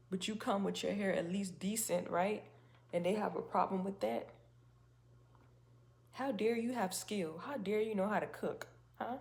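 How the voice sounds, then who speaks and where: A woman hosting a faith-based talk video, speaking casually and emphatically with rhetorical questions. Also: mid-range voice. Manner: chatty and emphatic, with many restarts and rhetorical questions. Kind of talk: casual spoken talk to camera.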